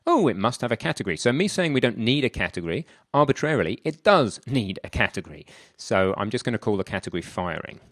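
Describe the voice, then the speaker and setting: A man's voice: medium pitch, sing-song, quick pace, a bit bright, no room sound, studio quality. A man thinking aloud in a chatty way as he works through a screen-recorded programming tutorial. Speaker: programming instructor.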